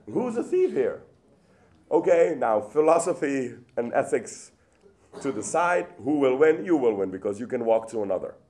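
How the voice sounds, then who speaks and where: A man giving a public lecture in a hall, with lively rhetorical questions and frequent restarts. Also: mid-range voice.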